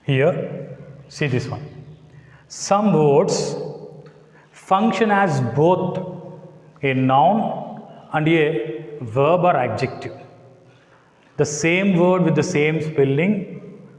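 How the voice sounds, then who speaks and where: A man with an Indian English accent teaching an English lesson, speaking slowly and deliberately and repeating words to model their stress. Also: on the high side. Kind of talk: classroom lecture. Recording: echoey classroom, voice sometimes off-mic.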